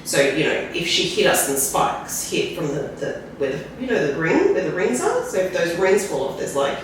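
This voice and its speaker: A woman guest telling a candid personal story in a rambling, halting way, often tagging lines with "right?". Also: lowish voice, big pitch swings. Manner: rambling, tag questions like "right?"; halting, restarts when emotional. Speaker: podcast guest. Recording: very echoey room, distant mic, faint noise.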